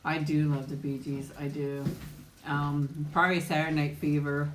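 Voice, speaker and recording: A woman's voice: deep voice, little pitch movement, moderate pace, echoey room, a little hiss or hum. A woman hosting a casual live chat with viewers while eating. She tells stories in a chatty way and often laughs as she talks.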